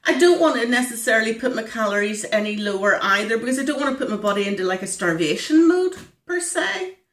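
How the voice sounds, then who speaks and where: A woman, vlogging casually, slightly hoarse and stuffy-nosed, rambling with lots of fillers. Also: mid-range voice, expressive, fast, reverberant, distant mic. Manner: chatty, rambling, frequent fillers. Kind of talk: casual diet vlog.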